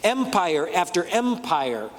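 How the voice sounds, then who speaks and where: Male pastor, high voice, unhurried sermon delivery, church reverb. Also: sing-song, a little hiss or hum. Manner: measured, shifting emphasis for effect. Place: church sanctuary. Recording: long church hall reverb.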